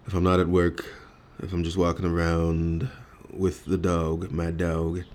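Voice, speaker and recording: Male podcast co-host, very low voice, casual comedic rambling, lots of ums. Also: monotone, darkish tone. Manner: rambling, joking, halting with many fillers.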